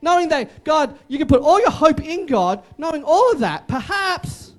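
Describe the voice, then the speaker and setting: A man's voice: extremely high pitch, sing-song, normal speed. A man preaching a sermon as pastor, emphatic and repetitive, with joking asides.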